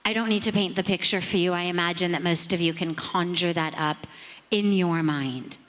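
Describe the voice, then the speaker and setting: A middle-aged woman, a spiritual teacher, telling a reflective story to an audience in a measured, earnest, emphatic way. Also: lowish voice, a bit bright. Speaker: spiritual teacher speaking on a panel. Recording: long reverb of a large hall.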